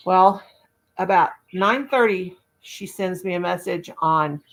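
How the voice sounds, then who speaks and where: The crochet channel host talks slowly in a lowish voice, and the recording quality is poor. Her long personal tale wanders in a folksy, relaxed manner, one run-on anecdote leading into the next.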